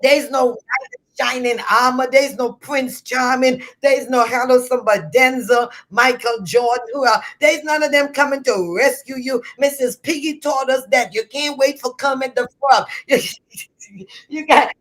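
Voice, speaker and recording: A woman's voice: sits high, moderate pace, rough recording. Trinidadian woman, middle-aged, motivational live-stream host with a raised voice and preacher-style rallying. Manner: lively preacher-like call-outs.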